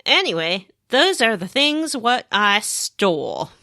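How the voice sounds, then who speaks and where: A woman co-hosting a podcast, retelling her game in casual, animated storytelling. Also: medium pitch, slow pace, no room sound, clean studio sound. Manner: animated storytelling, acts out characters. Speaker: podcast co-host. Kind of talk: casual chat recapping a game.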